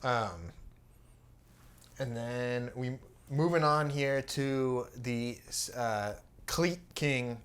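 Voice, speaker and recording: A young man co-hosting a podcast, talking in a relaxed, easygoing way with frequent ums and pauses. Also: mid-range voice, clean tone. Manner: relaxed, easygoing, halting with fillers. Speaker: podcast co-host. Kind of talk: casual sneaker chat.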